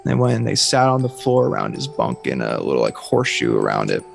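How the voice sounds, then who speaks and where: A man telling a story as a guest on an interview podcast, lively and acting out what others said. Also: extremely low pitch, quick pace, vocal fry, soft background music.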